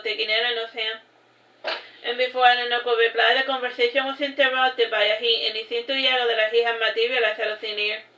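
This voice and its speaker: A woman's voice: fairly high pitch, pushed and bright. A woman reading her own novel aloud on a livestream, adding casual asides between passages. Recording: roomy, dull lo-fi stream audio.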